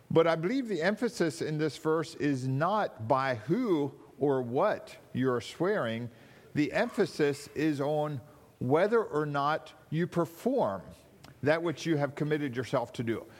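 A man preaching a sermon in a measured, teaching tone, slowing down to stress key words. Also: a little high.

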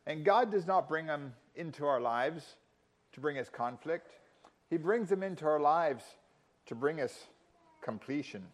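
A man preaching a sermon, emphatic, with dramatic pauses and rising intensity in quoted lines. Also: a little high, lively intonation. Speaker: pastor.

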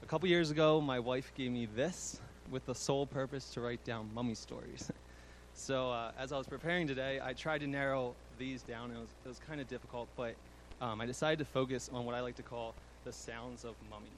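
A man's voice: medium pitch, steady tone, brisk, slight background noise, rough recording. A young man giving a fond eulogy for his grandmother, chuckling often and using fillers. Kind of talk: eulogy speech.

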